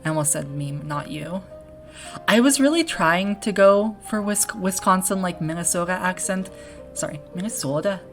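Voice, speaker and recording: A woman's voice: on the low side, animated, moderate pace, faint music behind. Self-deprecating woman game developer. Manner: self-deprecating, giggly, chatty. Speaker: game developer commenting on her own game. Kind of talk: casual let's-play commentary.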